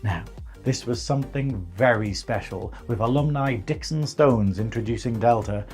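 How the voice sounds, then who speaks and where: A man's voice: mid-range voice, moderate pace, a little mellow, soft background music. A man with a northern English accent giving a chatty, wry scripted recap of a drag competition. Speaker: show reviewer. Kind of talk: scripted narration.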